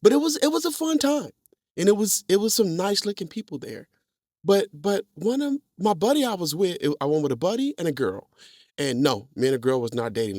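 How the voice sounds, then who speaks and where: Animated storytelling man, lively pitch. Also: no room sound, clean studio sound. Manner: animated, laughs often, repeats words, acts out quotes. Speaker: podcast host. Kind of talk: casual storytelling monologue.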